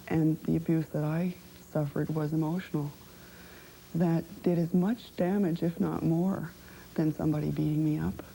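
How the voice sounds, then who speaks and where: Low, gravelly woman recalling her past. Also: dark tone, a little hiss or hum, rough recording. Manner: halting, reflective, with many fillers. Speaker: interviewee. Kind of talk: personal testimony.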